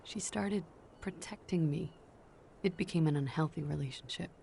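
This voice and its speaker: A woman's voice: deep voice, normal speed, creaky, warm tone, a little hiss or hum. A woman voicing a young female fugitive under questioning in a video game, with a tired, guarded and evasive manner. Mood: confessing.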